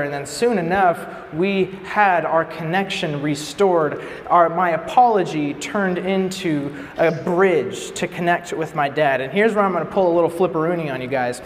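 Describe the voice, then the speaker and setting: A young man preaching to a youth group, telling a story and acting out the quotes in a lively way. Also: a little high, moderate pace, hardly any pauses, a little hiss or hum. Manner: animated storyteller, acts out quotes. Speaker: youth speaker. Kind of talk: storytelling sermon. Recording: reverberant hall with faint ambience.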